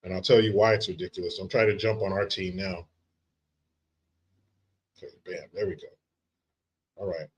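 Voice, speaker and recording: A man hosting a loose livestream who chats straight to his viewers, greeting them by name. His talk is animated and salted with swearing. His voice sounds bright and forceful. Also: mid-range voice. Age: adult father of young children. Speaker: livestream host. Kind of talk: casual livestream chat, reading viewer comments.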